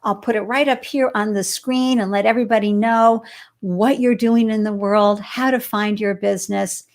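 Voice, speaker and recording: A woman's voice: medium pitch, fairly even intonation, moderate pace. A woman from Boston hosting a live-stream interview show, bubbly and effusive as she welcomes viewers and her guest. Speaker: host.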